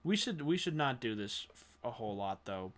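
A man's voice: medium pitch, very animated, normal speed, fairly bright tone. A man co-hosting a let's play, complaining and teasing his partner in casual banter.

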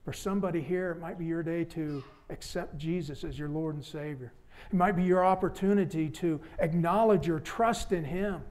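A male pastor preaching a sermon in church, with repeated emphatic appeals that fall low and soft at the ends of phrases. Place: church sanctuary.

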